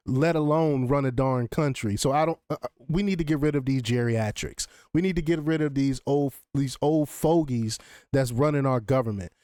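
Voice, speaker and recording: A man hosting casual political commentary, chatty and excitable, often laughing and filling pauses with ums. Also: medium pitch, clean tone, dry recording, clean studio sound.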